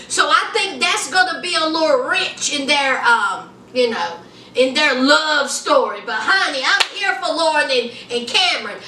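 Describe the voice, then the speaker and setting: A woman gushes over a TV show in a sassy, chatty way, sprinkling honey and child through her talk. Her voice sits very high and bright, swooping up and down while she takes her time. She sounds a bit off-mic in an echoey room. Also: far from the mic, a little hiss or hum. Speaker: show reviewer. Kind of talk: casual TV review chat.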